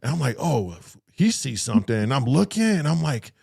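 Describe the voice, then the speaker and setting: His voice is medium in pitch, gravelly and husky, and he talks fairly quickly. As a podcast co-host in casual chat, he tells a long story full of swearing, acting out his reactions and quotes in an animated, profane style.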